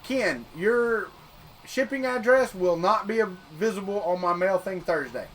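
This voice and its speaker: A high-voiced man with a Southern US accent, from Florida, talks loosely to his livestream viewers about 3D printing. He rambles and often restarts or repeats words as he works at his printer. A faint hum of room ambience sits behind him. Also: lively intonation, unhurried, a bit bright. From Florida, United States. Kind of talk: casual live-stream chat.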